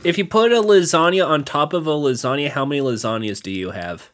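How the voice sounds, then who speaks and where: A man's voice: on the high side, fairly quick, fairly bright tone. A man co-hosting a casual chat show, joking and teasing his friend. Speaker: podcast co-host.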